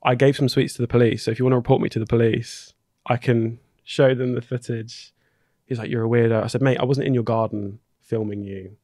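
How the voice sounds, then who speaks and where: A man telling a story in a podcast chat, animated and quick to act out other people's lines. His voice sits at an everyday middle pitch, and the close mic sounds dry with no room around it. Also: no room sound. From Dorking, England. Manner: animated, acts out the other person's lines in the retelling. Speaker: podcast guest.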